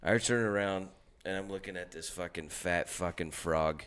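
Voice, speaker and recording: A man with a very low, smooth and resonant voice holds forth in a loose podcast chat. He rambles, swears freely and keeps restarting his sentences. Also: moderate pace, fairly bright tone. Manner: rambling and profane, with many restarts.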